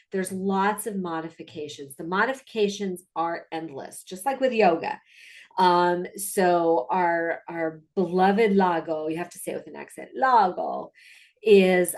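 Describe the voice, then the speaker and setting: A woman's voice: medium pitch, a little mellow. Chatty upbeat woman dog trainer. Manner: chatty and upbeat, with many fillers and asides. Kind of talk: casual narration over video clips.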